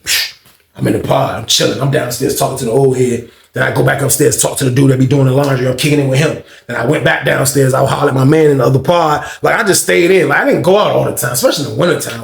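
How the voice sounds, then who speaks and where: Gravelly man telling a rowdy story. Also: mid-range voice, fast talker, echoey room. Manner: animated, slangy, acts out scenes. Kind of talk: casual storytelling.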